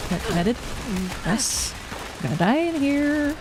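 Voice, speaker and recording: A woman's voice: fairly low pitch, expressive, slow pace, dark tone, a little hiss or hum. A woman streaming a game, chatting with opinions and talking back to the characters on screen. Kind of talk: casual gameplay commentary.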